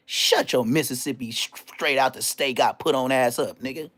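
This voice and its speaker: A middle-aged vlogger from Inglewood, California, boasts and taunts his critics in a trash-talking rant packed with street slang. His voice is medium-pitched and a bit bright, moving at a normal speed with few pauses.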